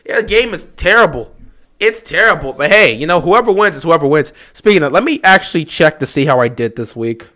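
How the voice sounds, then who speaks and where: Animated bright-voiced man. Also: brisk. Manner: animated, mocking with high whiny impressions of upset fans. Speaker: live stream host. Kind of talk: casual live-stream football commentary.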